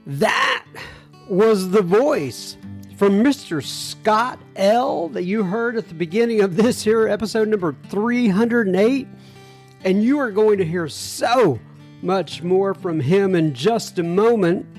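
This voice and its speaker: A man's voice: high voice, measured pace, darkish tone, soft background music. A man hosting a recovery podcast, talking in a chatty, rambling way with chuckles and asides. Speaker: podcast host. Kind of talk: casual podcast intro.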